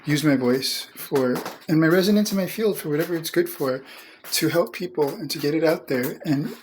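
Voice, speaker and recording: Earnest rambling man, fairly high voice. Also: a little hiss or hum. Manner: earnest, rambling, hesitant with restarts. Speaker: poet and musician. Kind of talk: casual spoken request.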